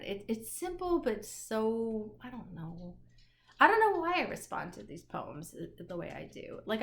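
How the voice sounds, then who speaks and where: A woman's voice: medium pitch, slight background noise. A woman teacher recording a casual lecture for an online class, enthusiastic and musing, with many fillers.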